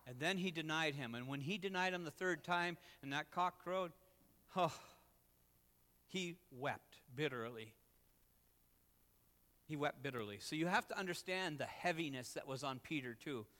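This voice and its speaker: Pastor, man, slightly high voice, animated sermon storyteller, echoing church hall. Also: normal speed. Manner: animated storytelling preaching, swinging from loud excitement to quiet emphasis.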